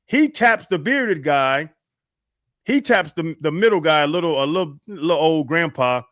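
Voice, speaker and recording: A radio show co-host, a man with a fairly high voice, tells stories casually on sports radio at a moderate pace. He's animated and acts out the quotes. The sound is dry and clean, like a studio.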